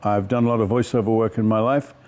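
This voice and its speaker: Older actor, clear and projected. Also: male voice, fairly low pitch, fairly even intonation, fast talker, darkish tone. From Australia. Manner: self-deprecating, laughs often. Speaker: actor interviewee. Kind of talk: reflective storytelling interview.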